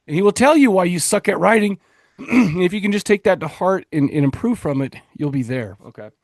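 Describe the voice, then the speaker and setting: A male podcast co-host in loose, joking chat. His voice sits a little high and sounds close and dry, with no room around it. He rambles and restarts his sentences often. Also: lively intonation, brisk, no echo. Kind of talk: casual chat.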